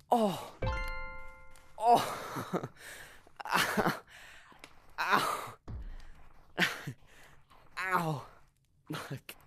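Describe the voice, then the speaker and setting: A man's voice: a little high, fairly bright tone, a little hiss or hum. A man giving casual, playful gameplay commentary as a video creator, giggling, teasing other players and sometimes dropping into whispers.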